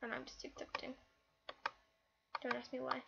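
A female host giving live gameplay commentary, excitable and easily frustrated, with lots of exclamations. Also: high-pitched, moderate pace, vocal fry, muffled recording, heavy background noise. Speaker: gaming channel host.

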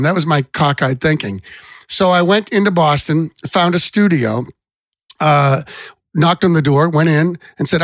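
A man's voice: on the high side, a little slow, dry recording. A middle-aged man and songwriter telling rambling stories as a guest on a casual podcast. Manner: rambling anecdotes with restarts. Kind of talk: casual storytelling chat.

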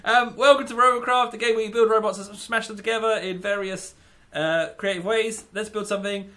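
A man's voice: high voice, fairly even intonation, brisk, bright, forceful tone. A man who is a bit sick, rambling and giggling while he builds in a game as a let's-play YouTuber. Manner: giggly, rambling, self-mocking. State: sick, under the weather. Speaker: gaming YouTuber.

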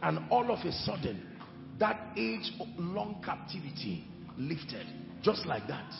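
Male preacher, fiery sermon delivery, gravelly edge, dull roomy church recording. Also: fairly high pitch, very animated, slow. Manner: impassioned preaching with shouted peaks. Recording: echoey hall, dull sound, music behind. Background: music.

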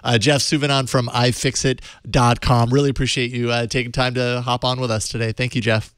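A man's voice: mid-range voice, little pitch movement, a bit bright, clear, resonant tone, no echo. Easygoing male tech show co-host. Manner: easygoing, joking, quick laughs. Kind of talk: casual news show banter. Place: studio with live audience.

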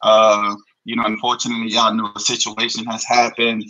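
A young man from New Orleans, a former football player, telling his story in an interview with blunt, profane, animated speech. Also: on the low side, fairly quick. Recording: dull lo-fi audio.

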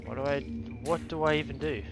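A man's voice: on the high side, quick pace, creaky, music in the background, low-quality recording. Sweary young man playing a horror game. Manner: sweary, easily frustrated, yells when chased. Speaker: gaming video creator. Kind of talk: let's play commentary.

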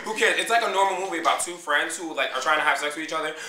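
A man races through a crude, giggly comic rant for his vlog, loud and often breaking into high squeals. It's a rowdy monologue aimed at friends, recorded in an echoey room with them around and a noisy background.

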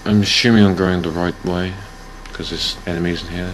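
A man's voice: low voice, fairly even intonation, a little fast, background noise. A man hosting a let's play, rambling jokily and mocking himself as he plays. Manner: rambling, self-mocking, jokey. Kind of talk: casual gameplay commentary.

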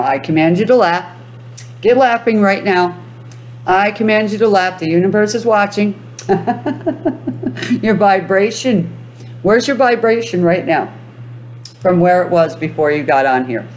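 A woman's voice: medium pitch, expressive, normal speed, a little mellow. A woman coaching her viewers on manifestation, giving commands again and again and breaking into laughter. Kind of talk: motivational self-help talk to viewers.

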